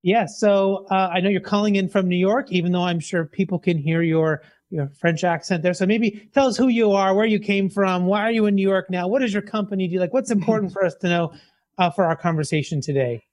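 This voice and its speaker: A man's voice: high-pitched, fairly quick, few pauses, a little mellow, no echo. Chatty self-deprecating male podcast host. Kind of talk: casual show intro and interview.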